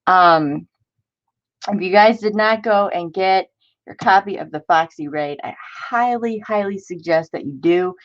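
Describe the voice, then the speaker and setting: A woman hosting a casual crafting live stream, chatty and excitable as she greets viewers by name. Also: medium pitch, unhurried, muffled recording. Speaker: crafting channel host.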